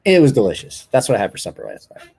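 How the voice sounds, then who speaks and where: A man's voice: medium pitch, wildly swooping pitch, rapid-fire, gravelly, darkish tone, husky. A man in his forties chatting casually on a late-night live stream, telling rambling stories with a self-deprecating streak.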